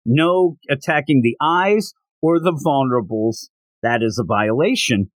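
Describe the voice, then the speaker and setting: A man's voice: medium pitch, expressive, a little slow, no echo, close to an everyday voice. A man voicing a flustered male tournament announcer who sounds officious and exasperated.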